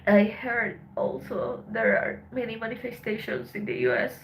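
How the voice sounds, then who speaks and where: A woman hosting a livestream, talking in a halting, emotional way with lots of swearing and a voice that breaks with tears. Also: fairly high pitch, sing-song, a little hiss or hum, poor audio. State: tearful. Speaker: livestream host. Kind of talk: emotional casual livestream chat.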